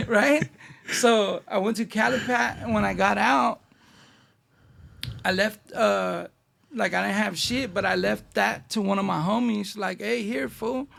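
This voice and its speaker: La guy, middle-aged, raspy fry all over, high-ish voice, telling stories w/ lots of slang. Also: unhurried. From Northeast Los Angeles. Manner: animated street-slang storyteller, acting out dialogue. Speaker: guest. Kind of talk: casual storytelling interview.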